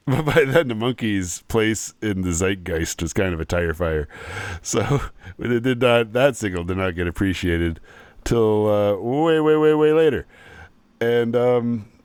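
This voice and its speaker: A man's voice: lowish voice, measured pace, clear, resonant tone, no room sound. A man co-hosting a podcast, chatting casually about songs, laid-back and chuckling as he gives opinions. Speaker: podcast co-host. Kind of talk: casual music chat.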